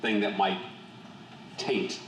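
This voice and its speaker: A man leading a Bible study group, reading scripture aloud and then talking it through in a measured, thoughtful way with frequent restarts. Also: sits low, fairly even intonation, fairly bright tone, far from the mic. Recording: echoey room, voice from off-mic, faint hum.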